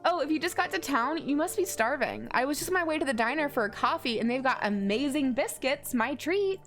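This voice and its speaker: A woman voicing a haughty elderly Southern lady with a slow, stately drawl. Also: high voice, animated, fairly bright tone, soft background music.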